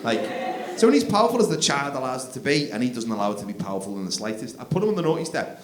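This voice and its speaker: A man doing live stand-up comedy on a theatre stage, telling stories in a conversational, animated way. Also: mid-range voice, very fast. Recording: echoey theatre, loud crowd noise.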